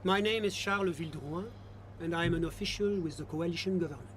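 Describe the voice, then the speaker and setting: A man's voice: on the high side, a little fast, a bit bright, slight background noise, lightly acted. An actor with a French accent playing a courteous, composed male government official in a game. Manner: courteous and formal.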